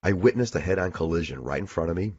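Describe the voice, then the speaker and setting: A man's voice: deep voice, lively intonation, quick pace, a little mellow, slightly rough, no echo. A man co-hosting a casual talk radio show, telling crude stories and joking. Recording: dull lo-fi sound.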